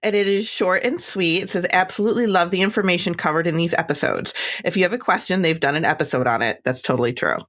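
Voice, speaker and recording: A woman's voice: on the low side, fast, few pauses, fairly bright tone. A woman lactation consultant co-hosting a podcast, chatting casually and in a friendly way. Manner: friendly, reads listener reviews aloud. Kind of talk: casual chat.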